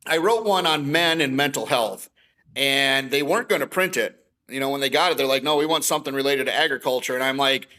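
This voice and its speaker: Podcast guest, middle-aged man, bright and forceful tone, lively storyteller. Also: medium pitch, low-quality recording. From Wisconsin. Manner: animated storytelling, acting out both sides of conversations. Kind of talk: casual storytelling.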